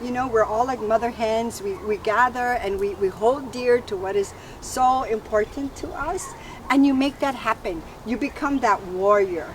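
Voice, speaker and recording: A middle-aged woman hosts a heartfelt talk, her voice sitting a little high. She speaks emphatically and with animation. She is picked up from a distance, with clear noise behind her. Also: moderate pace. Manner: animated, emphatic, breaks into loud exclamations. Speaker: host. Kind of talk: heartfelt conversation.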